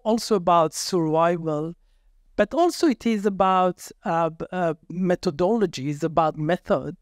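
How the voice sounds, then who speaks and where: Brief: male academic panelist, slow and halting, smooth clear voice, dry close sound. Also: sits high, dry recording. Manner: halting, searching for words, measured. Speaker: panelist researcher. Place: conference hall panel.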